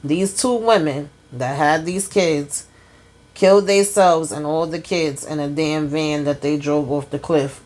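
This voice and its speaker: A woman with a lowish voice recaps a TV episode in a sassy, animated way. She talks straight to her viewers and keeps pulling them into her reactions. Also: unhurried. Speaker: TV episode reviewer. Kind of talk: casual recap monologue.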